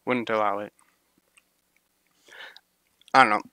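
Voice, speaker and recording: A man's voice: fairly low pitch, moderate pace, pauses often, pushed and bright, a little hiss or hum. A young man casually commenting on his own gameplay as a streamer, laid-back and grumbling with swears at opponents. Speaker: game streamer. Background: game music.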